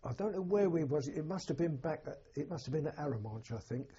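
An older English man, a war veteran, telling an oral history in a halting, plain-spoken way with a husky voice. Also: fairly high pitch, expressive, dark tone, dull audio, slight background noise. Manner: halting, plain-spoken storytelling with many restarts. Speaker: war veteran recounting memories.

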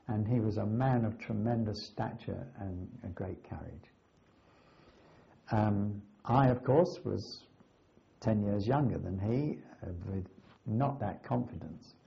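An older man earnestly recounting his wartime flight training, with dramatic pauses. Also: fairly low pitch, vocal fry. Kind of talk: oral history recollection. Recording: slightly dull lo-fi recording.

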